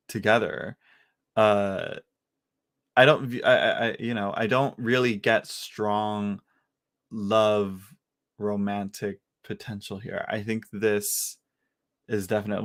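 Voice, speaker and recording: A man giving casual live tarot readings to viewers from home, chatty and halting, with frequent restarts and filler words. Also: fairly low pitch. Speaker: tarot reader.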